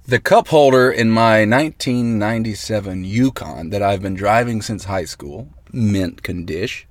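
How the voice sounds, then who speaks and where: Excitable rambling male comedy host. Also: fairly low pitch, measured pace, no room sound. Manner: excitable, rambling, mock-earnest. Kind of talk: comedic mock radio broadcast. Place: inside a car. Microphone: close mic in a parked vehicle.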